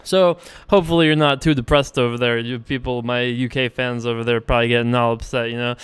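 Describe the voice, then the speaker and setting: Smooth-voiced American man talking poker. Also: on the high side, sing-song, a little fast, few pauses. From United States. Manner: chatty, self-deprecating, thinks aloud. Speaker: poker vlogger. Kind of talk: casual poker commentary.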